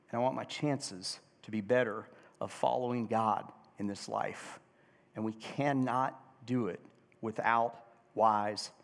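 A man's voice: medium pitch, fairly bright tone. A man preaching a sermon as pastor, asking the congregation questions and having them repeat words. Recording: hall reverb.

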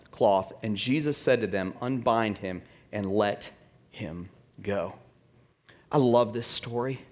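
A man preaching a sermon, animated, acting out voices from the Bible and dropping to a near whisper for emphasis. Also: medium pitch. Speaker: pastor.

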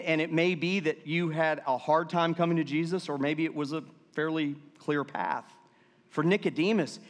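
A man pastor preaching a sermon, reading scripture aloud and drawing the congregation in with call-and-response and jokey asides. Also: on the high side. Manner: lively, asks the congregation to repeat words aloud; jokey asides between verses. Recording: long reverb of a large hall.

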